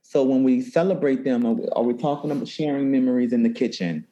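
A man who works as a therapist, from New Orleans, talking in an interview in an animated way with many restarts. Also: mid-range voice, fast, highs cut off. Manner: warm, animated storytelling with frequent restarts. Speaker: therapist and cookbook author. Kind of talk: interview conversation.

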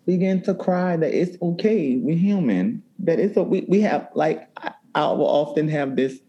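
Therapist guy from new orleans, mellow dark voice, chatty, keeps restarting sentences. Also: on the high side, moderate pace, lo-fi sound. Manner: warm, animated storytelling with frequent restarts. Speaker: therapist and cookbook author. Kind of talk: interview conversation.

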